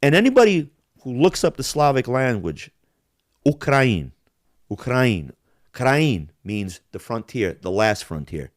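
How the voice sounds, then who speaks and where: A Balkan podcast host rants casually at a moderate pace, heated and profane, slipping into mimicked accents. His pitch swoops with lively energy. The recording is dry and close, with no room sound.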